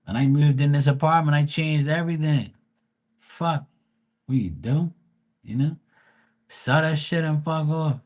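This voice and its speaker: A man's voice: fairly high pitch, measured pace, pauses often, a little mellow. Guy on a live stream, cussing a lot, bossy and blunt, giving advice. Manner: blunt, profane, lecturing. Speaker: live tarot reader. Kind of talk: casual livestream advice.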